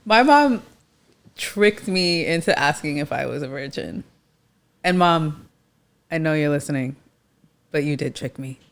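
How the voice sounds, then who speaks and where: A woman's voice: sits low, expressive, a little slow, pauses often. A woman in her thirties co-hosting a podcast, telling a story casually with frequent laughter. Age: 30s. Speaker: podcast co-host. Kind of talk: casual chat.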